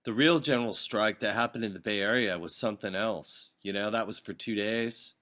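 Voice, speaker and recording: A man's voice: fairly low pitch, brisk, a bit bright. A man who calls himself old, hosting a casual, rambling video-call chat and swearing freely. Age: older. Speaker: show host.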